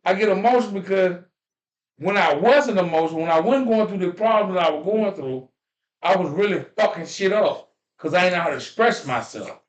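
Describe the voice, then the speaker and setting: A man's voice: high voice, a little fast. A man hosting a podcast who tells emotional stories in a preachy way, repeating phrases and swearing freely. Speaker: podcast host. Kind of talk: emotional storytelling chat. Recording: roomy echo.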